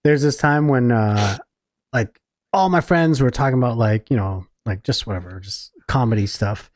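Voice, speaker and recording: A man's voice: mid-range voice, moderate pace, no echo, clean studio sound. A man co-hosting a casual podcast, telling a story animatedly, acting out other people's voices and laughing. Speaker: podcast co-host.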